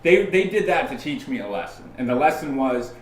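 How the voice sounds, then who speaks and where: A man from California, a podcast guest, telling a story in a casual, animated way, often restarting and acting out the people he quotes. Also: medium pitch, a little fast, slight background noise. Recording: roomy sound from a distant mic, faint ambience.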